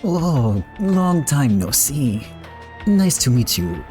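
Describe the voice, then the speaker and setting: A man voicing a scheming, smug male gang boss in an exaggerated fake accent, oily and shamelessly flattering. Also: mid-range voice, a little slow, soft background music, lightly acted. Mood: fawning.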